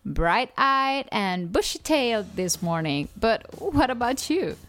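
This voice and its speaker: A woman's voice: on the high side, very animated, slow, fairly bright tone, no room sound. A woman hosting a podcast, reading a scripted English-lesson dialogue in a cheerful, teasing way and laughing often. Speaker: podcast host.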